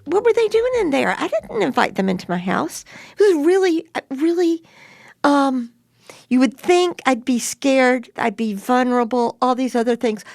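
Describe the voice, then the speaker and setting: An older woman recounting a frightening day from her past in a conversational, animated way, her voice climbing high when she relives yelling at intruders. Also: gravelly, dry recording, clean studio sound. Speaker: interviewee telling her story. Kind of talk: conversational storytelling.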